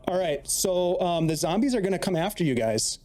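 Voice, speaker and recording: A man's voice: sits high, expressive, a little fast, a little mellow. A man narrating as dungeon master, steadily setting scenes and explaining the rules. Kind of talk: narrating a tabletop game.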